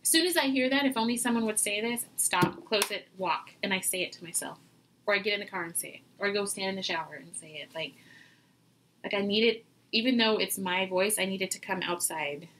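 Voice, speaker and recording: A woman and mother talking as a guest in a casual interview, animated and quick to act out what people say. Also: medium pitch, slight background noise, rough recording. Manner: animated, acts out quoted voices. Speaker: podcast guest.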